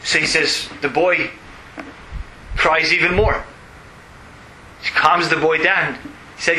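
A man's voice: fairly high pitch, a little slow, pauses often, sharp tone, echoey room, slight background noise, rough recording. A man giving an earnest religious lesson, telling a story and explaining it, often repeating key phrases for emphasis. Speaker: religious teacher.

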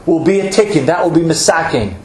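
A man's voice: on the high side, animated, brisk, a little mellow, a little hiss or hum. A man giving an earnest sermon, stretching out words for emphasis and weaving in Hebrew terms. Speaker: rabbi. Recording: echoey room with faint ambience.

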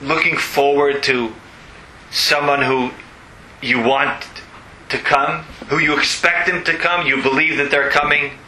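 A man teaching a religious class in an earnest, explanatory way, circling back to key phrases. His voice sits a little high and very bright. The room adds a strong echo with faint hiss behind him. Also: steady tone, measured pace. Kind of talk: Torah lesson with storytelling.

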